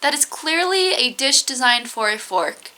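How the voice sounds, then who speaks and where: A woman's voice: sits high, expressive, unhurried, bright, forceful tone, low-quality recording. A young woman reading fan fiction aloud and mocking it with sarcastic, giggly asides full of "like" fillers. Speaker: YouTuber.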